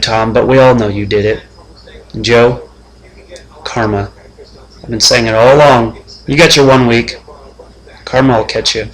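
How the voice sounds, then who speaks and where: A young man hosting a mock sports-show preview as his fantasy football league's commissioner, trash-talking the other players in a deadpan way. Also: mid-range voice, low-quality recording.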